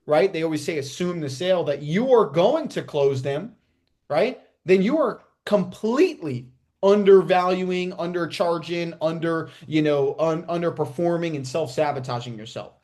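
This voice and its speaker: A young man coaching live on a video call, energetic and talking motivationally, checking in with "right?" and "okay?" all the time. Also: fairly high pitch. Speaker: coach hosting a live online session.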